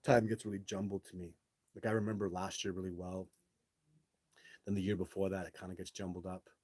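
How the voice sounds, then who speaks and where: A middle-aged man hosting a live show, telling his own stories casually and answering viewer questions in an animated way, with some swearing. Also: low voice, a little fast, breathy edge, no room sound.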